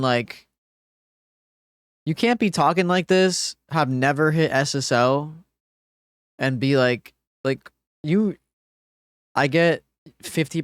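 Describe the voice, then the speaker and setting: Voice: mid-range voice, no echo, clean studio sound. Exasperated profane streamer ranting at chat. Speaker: game streamer. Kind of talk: livestream chat rant.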